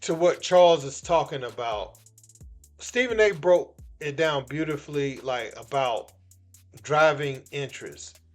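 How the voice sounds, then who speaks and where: A man's voice: fairly high pitch, a little slow, soft background music. A man hosting a casual sports commentary video, talking loosely and conversationally with plenty of filler phrases. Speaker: channel host.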